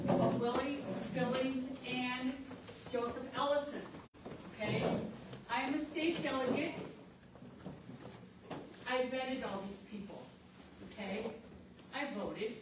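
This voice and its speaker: A woman giving an emphatic public speech at a community center, repeatedly checking in with "okay?". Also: sits high. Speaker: community organizer speaking at a candidate forum. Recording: echoey hall, distant mic, noisy.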